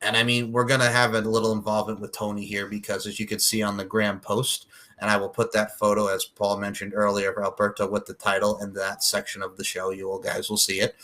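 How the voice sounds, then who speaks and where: A man hosting a wrestling podcast in casual chat, animated and profane, recalling things like a longtime fan. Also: on the low side, fast talker, hardly any pauses. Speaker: podcast host.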